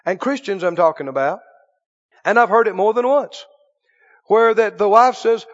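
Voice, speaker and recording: A man pastors his congregation in an emphatic preaching style, often pausing to ask if they are with him. His voice sits high for a man. The recording is dull and muffled, with a long church reverb trailing behind him. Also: animated. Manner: emphatic preaching with call-and-response questions. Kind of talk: sermon. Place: church sanctuary.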